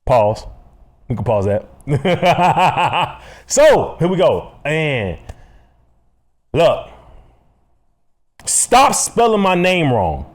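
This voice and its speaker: Podcast co-host, young man, high and lively voice, emphatic rant delivery. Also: drawn-out words, pauses often. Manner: animated, emphatic, laughs a lot.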